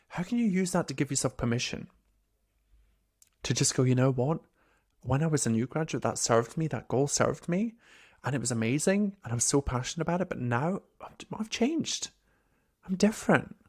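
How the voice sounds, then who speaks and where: A man, a coach for nurses giving an earnest, animated motivational talk full of rhetorical questions. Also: mid-range voice. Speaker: podcast host, nurse coach.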